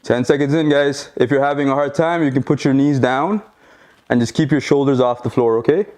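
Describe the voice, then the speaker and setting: This male fitness instructor talks fairly quickly, with a medium pitch and a darkish tone. Exercising along during a home workout, he counts reps, offers encouragement, and checks in by asking "okay?"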